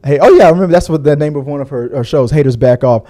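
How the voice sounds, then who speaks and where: A man hosting a casual online show, chatting loosely, laughing often and now and then breaking into high mocking voices. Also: rapid-fire, dark tone. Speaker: podcast host. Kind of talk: casual chat.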